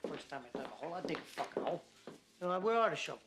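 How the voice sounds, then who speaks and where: An actor playing a hot-headed, volatile mobster in a film scene, profane and needling. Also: male voice, on the high side, animated, racing, a bit bright. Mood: taunting. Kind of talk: film dialogue. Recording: movie clip with crowd noise.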